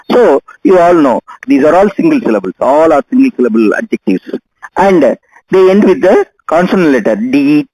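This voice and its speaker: Deliberate man teaching English grammar. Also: on the high side, darkish tone, slightly rough, no room sound, rough recording. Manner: slow, deliberate, spells out letters and repeats words. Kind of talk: grammar lesson.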